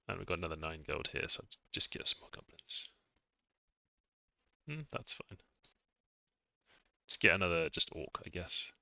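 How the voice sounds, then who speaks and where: A man's voice: sits low, animated, moderate pace, creaky, long pauses, pushed and bright, dry recording. A man thinking aloud as he live-streams a strategy game, musing over his moves. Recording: dull lo-fi dry mic sound.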